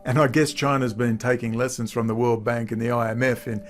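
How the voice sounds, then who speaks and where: A man's voice: mid-range voice, flat delivery, fairly quick, faint music behind. A man giving political commentary, reading quotes aloud and laughing at them mockingly. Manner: mocking, laughs at what he reads.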